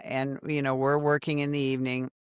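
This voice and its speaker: A woman in her sixties, a former undercover police officer, telling a story in a podcast conversation with dramatic, animated retelling. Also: very deep voice, a little fast, clear, resonant tone, no room sound, studio quality. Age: 60s.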